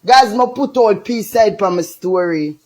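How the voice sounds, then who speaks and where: A woman's voice: mid-range voice, a little slow, darkish tone. A woman with a Jamaican accent delivering an angry, profane rant as a vlogger, hurling insults.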